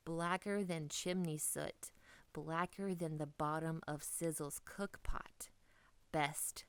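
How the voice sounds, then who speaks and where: Woman reading a kids' storybook, slow and expressive, dry close sound. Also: low-pitched, clean tone, no room sound. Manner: slow, expressive, dips into whispers for drama. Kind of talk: children's storybook read-aloud.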